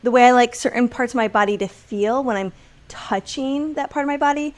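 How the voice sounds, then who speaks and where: A woman hosting a podcast who asks questions in a casual, engaged way. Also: fairly high pitch. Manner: engaged interviewer, quick affirmations. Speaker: podcast host. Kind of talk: casual conversational interview.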